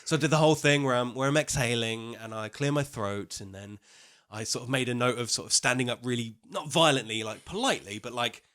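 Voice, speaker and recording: Young male podcast co-host, wry anecdotal storyteller, mid-pitched voice. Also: fairly quick, hardly any pauses, fairly bright tone. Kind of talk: casual film chat, storytelling.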